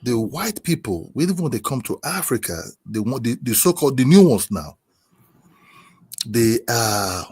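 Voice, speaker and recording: Brief: man, husky, insistent, repeats himself and keeps checking that he is understood. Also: mid-range voice, big pitch swings, normal speed, a little mellow. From Nigeria. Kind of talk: heated casual debate.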